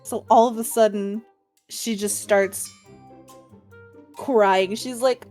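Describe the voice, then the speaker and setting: A woman playing a character in a tabletop game, excitable and playful. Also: medium pitch, slow, long pauses, faint music behind. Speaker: player. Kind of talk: tabletop role-play.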